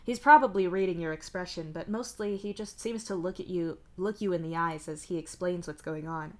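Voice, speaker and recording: Woman narrating a story live, lowish voice. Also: a little fast. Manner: even, second-person narration. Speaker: streamer reading fan fiction aloud. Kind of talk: live-streamed story reading.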